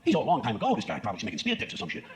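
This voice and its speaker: Rapid-fire ranting stand-up comedian man. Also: on the low side, huge pitch swings, background noise. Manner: ranting, profane and sarcastic. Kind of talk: stand-up routine. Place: stage in front of an audience.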